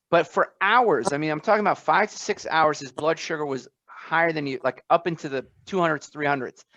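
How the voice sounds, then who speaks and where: A man's voice: on the high side, a bit bright, dry recording, dull audio. A man co-hosting a podcast interview, telling stories emphatically with many fillers. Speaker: podcast co-host.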